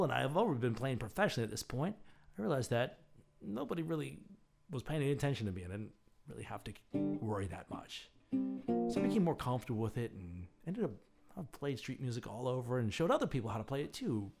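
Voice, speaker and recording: A man hosting a show, telling a personal street-music story in a relaxed, reflective way. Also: medium pitch, quick pace, vocal fry. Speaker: podcast host and street musician. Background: plucked guitar music.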